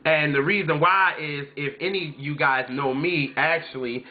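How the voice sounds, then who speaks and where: Chatty and anecdotal, a man vlogs casually about music, frequently mimicking his mom and singing snatches of tunes. He speaks at normal speed in a slightly high, steady voice, captured with a tinny, phone-like quality.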